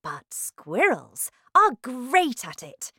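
A woman voicing a brisk, eccentric grown man who runs a chocolate factory. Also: high-pitched, huge pitch swings, pushed and bright, breathy edge, no echo, studio quality, voice pushed up, exaggerated voice. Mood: explaining.

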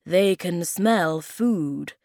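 A woman voicing a kind, clever male creature who explains things calmly. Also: on the low side, extremely slow, no room sound, clean studio sound. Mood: kindly. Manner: calm, kindly explaining.

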